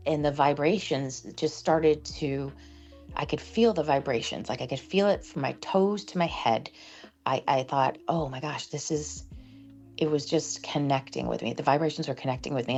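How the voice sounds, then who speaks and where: A woman's voice: extremely low pitch, a little mellow, lo-fi sound. A woman, a sound practitioner, speaking earnestly and reflectively as a podcast guest. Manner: earnest, heartfelt, reflective, many fillers. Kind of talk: casual interview conversation.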